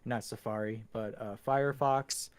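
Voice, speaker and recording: A man's voice: fairly low pitch, fairly even intonation, moderate pace, clear, resonant tone, no room sound. A man co-hosting a gaming podcast in casual chat, rambling and laughing often. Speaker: podcast co-host. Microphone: home computer setup.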